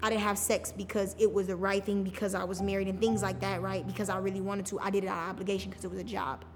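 A woman's voice: mid-range voice, flat delivery, quick pace. A woman telling her own story on a podcast, casual and candid, often saying "like". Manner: casual, frequent "like" fillers. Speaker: podcast guest. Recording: reverberant room with faint music.

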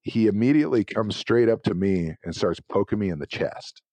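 Deep voiced guy in his 40s telling locker room stories, dry close mic. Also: brisk, no room sound. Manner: animated anecdotes with acted-out quotes. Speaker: guest, former pro football player. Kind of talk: casual interview storytelling.

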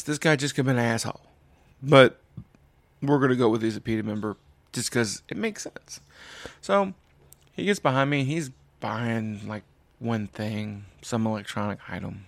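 Young man, stand-up comedian, exasperated, profane, dry close sound, mid pitch. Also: vocal fry, no echo. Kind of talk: stand-up storytelling.

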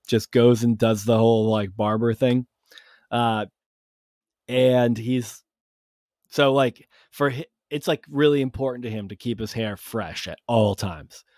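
A man's voice: mid-range voice, a little mellow, no room sound, studio quality. A male podcast host telling a casual, rambling story with plenty of swearing and self-mocking jokes.

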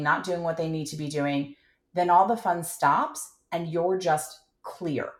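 A woman coaching a parent in a calm, clear, instructive way as the host. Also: sits low, reverberant. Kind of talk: coaching conversation.

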